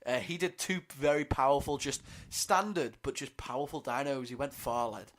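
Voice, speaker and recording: A man co-hosting a climbing podcast, chatting in a relaxed, slangy way. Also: medium pitch, normal speed. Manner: laid-back, chatty, slangy. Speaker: podcast co-host. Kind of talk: casual podcast chat.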